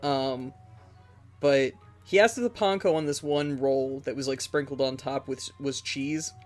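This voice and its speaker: A streamer chats casually with the live audience, telling a long, rambling story full of fillers and little laughs. The voice sits at a middle pitch, and faint game music plays underneath. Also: a little slow, darkish tone. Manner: rambling and giggly, with many fillers.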